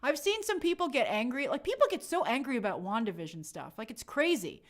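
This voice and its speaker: A young woman hosting a casual live stream, reading viewer comments aloud and chatting in an animated way with many fillers. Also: a little high, fairly quick. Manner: chatty, animated, lots of fillers and quoted asides.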